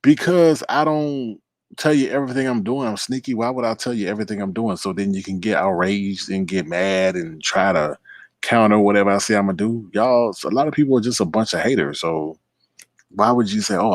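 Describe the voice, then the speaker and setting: Studio-quality, dry audio captures a man with a mid-range voice hosting a late-night livestream. He keeps it casual, greeting viewers by name and rambling through asides.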